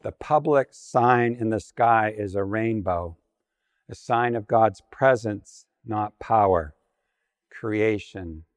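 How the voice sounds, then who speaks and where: A man's voice: fairly low pitch, slow, big-room sound. A man preaching a sermon, telling scripture stories with playful asides. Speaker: pastor.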